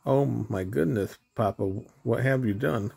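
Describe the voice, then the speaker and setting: A man voicing a calm, gently firm mother bear in a storybook reading. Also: medium pitch, measured pace, creaky, husky. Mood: fretful.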